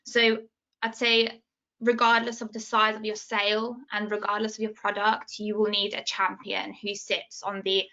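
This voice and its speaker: A woman's voice: mid-range voice, monotone, bright, forceful tone, highs cut off. A woman on a video call panel, talking passionately and a little out of breath about her sales work. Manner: passionate, quick and talkative. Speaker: sales development rep, panelist. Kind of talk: casual panel discussion.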